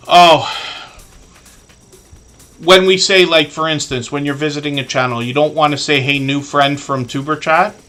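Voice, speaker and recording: A man's voice: fairly high pitch, bright, forceful tone. A man hosting a live stream, talking casually and earnestly to his chat with many fillers and asides.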